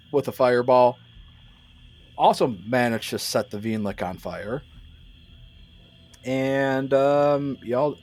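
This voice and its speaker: A man, narrating a tabletop game as game master in a casual, halting way with many restarts. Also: medium pitch, a little mellow.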